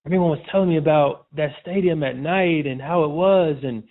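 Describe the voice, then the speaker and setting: Man, reporter guest, casual interview chat, relaxed and chatty, slightly high voice, phone-like audio. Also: brisk.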